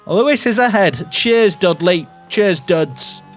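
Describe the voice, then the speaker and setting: A man giving excitable, jokey commentary while playing a racing management game, swinging between hype and quiet muttering. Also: high voice, takes it slowly, soft background music. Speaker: gaming YouTuber.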